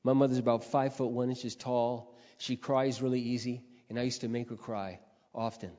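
A man giving an earnest testimony sermon, telling his story and then urging his listeners loudly. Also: medium pitch, flat delivery, moderate pace. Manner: earnest storytelling that rises to loud exhortation. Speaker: preacher. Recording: long hall reverb, dull lo-fi sound.

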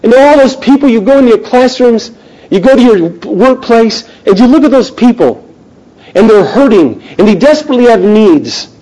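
A man in his thirties preaches with a high, bright-edged voice. He drives hard with urgent emphasis, then drops to a near hush before building again. The tone is earnest and evangelical, aimed straight at his listeners. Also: animated, moderate pace, rough recording. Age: 30s. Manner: impassioned, swinging between loud urgency and hushed intensity. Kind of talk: sermon.

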